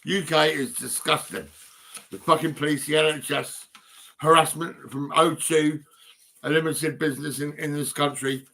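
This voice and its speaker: Older man ranting, sharp-voiced. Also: fairly high pitch, fairly even intonation, moderate pace, vocal fry. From United Kingdom. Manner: bitter, swearing, repetitive with tag questions. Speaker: vlogger. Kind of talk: angry profane rant to camera.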